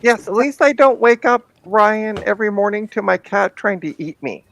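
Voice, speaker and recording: A woman's voice: medium pitch, lively intonation, normal speed, slight background noise, rough recording. A woman chatting casually as a guest on a live stream. She talks in a rambling way and often cuts herself off mid-sentence. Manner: chatty, rambling, self-interrupting. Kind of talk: casual chat.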